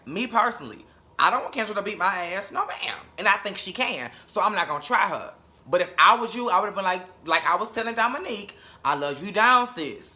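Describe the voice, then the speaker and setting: Young male reviewer, sassy and blunt, very bright and fairly high voice. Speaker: reality TV reviewer. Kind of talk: casual episode review.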